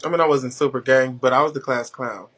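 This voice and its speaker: A man hosting a casual chat, telling stories in a loud, profane, animated way with big jumps in pitch. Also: fast. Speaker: host.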